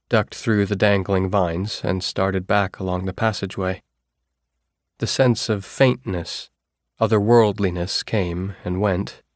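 A man with a very low voice reads a first-person story at a measured pace. The recording is close and completely dry, with no room sound. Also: no room sound. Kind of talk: audiobook narration.

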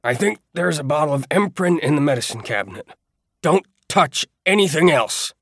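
A man voicing a curt, irritable old man who is hurt and in pain, speaking in a gruff, terse way. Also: fairly high pitch, animated, moderate pace, fairly bright tone, no echo, clean studio sound, pitched above the performer's own voice, exaggerated voice. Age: older.

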